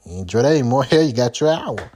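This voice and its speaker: A man talks through his own solo podcast in an easygoing, rambling way. His voice sits at an ordinary middle pitch, and he keeps padding his thoughts with "you know" and "man". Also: lively intonation, fast, a little mellow, slightly rough. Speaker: podcast host. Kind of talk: solo casual podcast chat.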